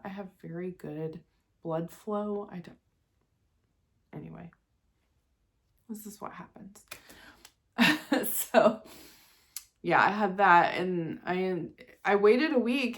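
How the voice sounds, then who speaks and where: Forties woman w a lilt just venting, rambly and candid, lowish voice. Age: 40s. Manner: candid and rambling, with frequent laughs and sighs. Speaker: vlogger. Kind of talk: casual personal vent.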